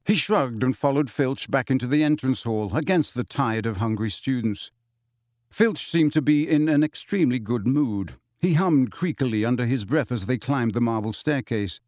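A man reading a novel aloud as audiobook narrator in a measured storytelling manner. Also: mid-range voice, expressive, a little mellow, no room sound, studio quality. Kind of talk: scripted narration.

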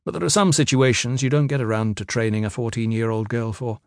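An audiobook narrator with a mid-range voice reads a fantasy novel aloud, his scripted narration measured and even. The sound is clean studio audio with no room sound.

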